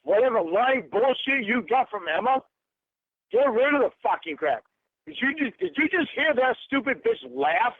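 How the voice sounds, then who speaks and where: Angry man, very high voice, foul-mouthed and accusing, tinny phone-call audio. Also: sing-song, moderate pace, no room sound. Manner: angry, accusing, swears constantly. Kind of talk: heated phone argument. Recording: tinny phone line recording.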